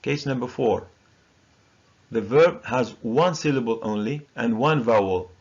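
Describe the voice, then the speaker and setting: A man teaching English grammar with a Moroccan accent, a native Moroccan Arabic speaker who drills each word slowly and deliberately. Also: medium pitch, husky, highs cut off. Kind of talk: recorded grammar lesson.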